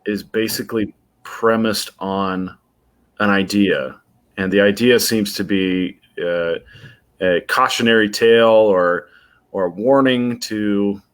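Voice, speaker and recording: A man co-hosting a movie podcast in casual chat, with dry deadpan jokes and halting, thoughtful explanations. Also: on the low side, clean tone. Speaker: podcast co-host.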